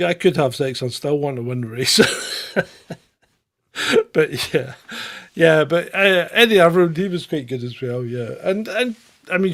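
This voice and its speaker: A middle-aged man from England hosting a casual livestream, rambling and irreverent, often chuckling. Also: a little high. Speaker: channel host.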